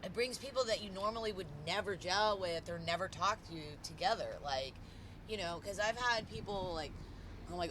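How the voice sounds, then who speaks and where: A woman tells stories in an animated way, swearing freely and mimicking the people she talks about. Her bright, sharp voice swings widely in pitch. Faint outdoor ambience sits behind her on the patio. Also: fairly quick, a little hiss or hum. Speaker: artist guest. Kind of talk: casual chat, storytelling.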